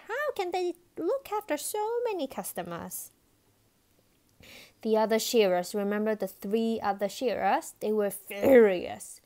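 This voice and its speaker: A woman reading a picture book aloud with a bouncing, animated pitch. She takes her time, pausing to ask her listeners questions. Her voice sits a little high. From Australia. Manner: lively, expressive, pauses to ask listeners questions. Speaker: storybook reader.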